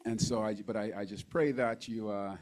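Man, slightly low voice, preaching into a handheld mic in a church, call-and-response amens, repeats scripture references slowly. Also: steady tone, darkish tone, a little hiss or hum, low-quality recording. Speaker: guest preacher. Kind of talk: sermon. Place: church sanctuary. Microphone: handheld microphone.

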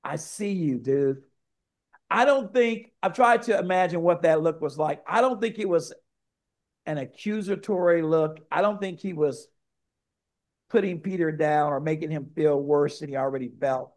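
A male pastor preaching a sermon, telling a story in a lively way and speaking straight to the congregation. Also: a little high, normal speed.

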